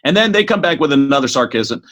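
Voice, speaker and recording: A middle-aged man speaking as a podcast guest, giving an energetic motivational talk that is quick and full of restarts. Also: mid-range voice. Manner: energetic, fast, with many restarts.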